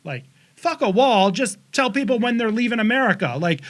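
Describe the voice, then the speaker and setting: A man in his forties tells a story in casual podcast chat. His voice sits high and swings widely up and down. He swears freely and slips into other people's voices as he tells it. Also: moderate pace. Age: 40s. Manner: animated, profane storytelling with voices. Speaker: podcast co-host.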